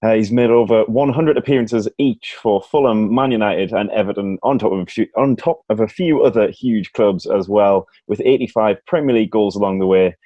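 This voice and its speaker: A man's voice: fairly low pitch, a little fast, hardly any pauses, warm tone, dry recording, lo-fi sound. A man hosting a casual sports podcast, chatty and self-mocking, laughing often. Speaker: podcast host.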